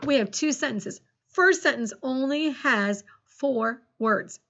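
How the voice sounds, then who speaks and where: A woman teaching a recorded phonics lesson to second graders, encouraging and slowly dictating sentences with big swings in her voice. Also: high voice, a bit bright, highs cut off.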